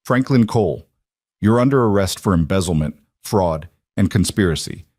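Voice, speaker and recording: A man voicing a firm, flat-spoken male territorial marshal, low-voiced and dry. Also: normal speed, dry recording. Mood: authoritative.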